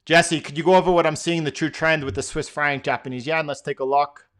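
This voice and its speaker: A man's voice: on the high side, fairly even intonation, fairly quick, fairly bright tone. A man hosting a live trading stream, answering viewer questions in a loose, rambling way with many fillers and restarts.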